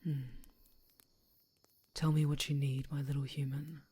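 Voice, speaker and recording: A woman voicing a powerful, possessive female orc warrior in a whispered role-play, murmuring and often breathy. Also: low voice, level tone, measured pace, mellow, slight background noise. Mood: worried, soothing. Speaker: ASMR storyteller.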